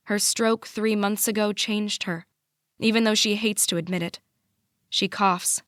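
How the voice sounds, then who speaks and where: A young adult woman narrating a first-person audiobook in a measured, emotive way. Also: mid-range voice, steady tone, a bit bright, dry recording, clean studio sound.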